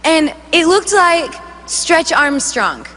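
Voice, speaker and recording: Young woman, high bright voice, animated storyteller at a church stage mic, long hall reverb. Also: slow pace. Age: young adult. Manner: animated storytelling, acts out voices, laughs often. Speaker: worship leader giving testimony. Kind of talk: testimony preached to a congregation.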